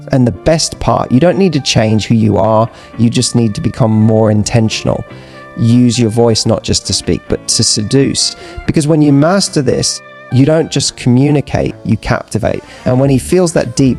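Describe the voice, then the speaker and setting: Man narrating dating advice, measured and smooth. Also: medium pitch, darkish tone. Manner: smooth, measured, persuasive delivery with emphatic repetition. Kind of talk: scripted narration.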